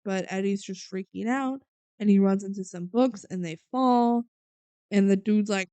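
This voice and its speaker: A woman's voice: mid-range voice, normal speed, clean tone, dry recording. A woman co-hosting a podcast, casually recapping a movie scene by scene, with fillers and a habit of trailing off. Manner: retells scenes with filler words, often trails off quietly. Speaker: podcast co-host.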